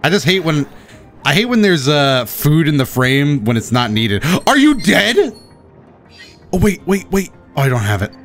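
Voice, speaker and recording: A man streaming a game, commentating with excitement, often gasping and shouting at the creatures on screen. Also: on the high side, normal speed, faint music behind. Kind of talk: excited let's-play commentary.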